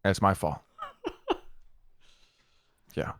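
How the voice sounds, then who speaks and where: A man's voice: low voice, wildly swooping pitch, very slow, fairly bright tone, no room sound. A man in character in an online roleplay, telling a heated, profane story to a friend. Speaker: roleplay gang member recounting events.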